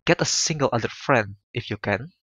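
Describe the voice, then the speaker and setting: A man's voice: medium pitch, lively intonation, moderate pace, fairly bright tone, slightly rough. A man reading the lines of a cold, cutting young male student in a visual novel, blunt and dismissive.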